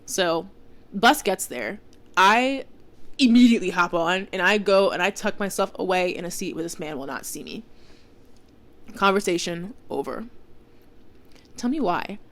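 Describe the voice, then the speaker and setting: A woman's voice: lowish voice, expressive, measured pace, long pauses, a bit bright. Chatty, exasperated young woman podcaster. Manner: chatty, exasperated, swears, many "like" fillers. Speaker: podcast host. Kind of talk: casual storytelling.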